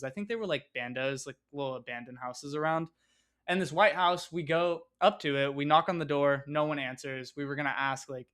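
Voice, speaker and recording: Young male vlogger with a fairly high voice, rambling casual storyteller who swears freely. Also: bright, forceful tone.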